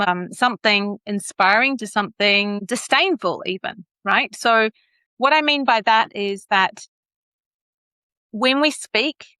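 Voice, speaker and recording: Bright, lively Kiwi woman coach. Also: clean tone, dry recording. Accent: New Zealand. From New Zealand. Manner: animated, plays with pitch and pace to demonstrate. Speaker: communications coach, guest. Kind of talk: podcast interview.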